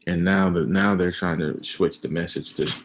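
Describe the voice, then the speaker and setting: A man hosting a livestream, talking casually and emphatically about his views and getting loud at times. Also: sits low, steady tone, normal speed, a little hiss or hum. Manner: emphatic, rising to loud outbursts. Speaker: livestream host. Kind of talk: casual opinion chat on a livestream.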